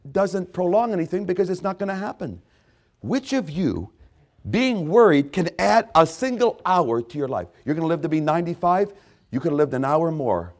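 A man preaching a sermon, swinging between loud, emphatic repetition and low, hushed asides. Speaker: pastor.

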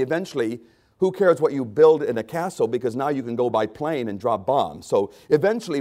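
A man preaching a sermon, throat clearing and restarting as he builds to loud, urgent outbursts. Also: on the high side. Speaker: pastor.

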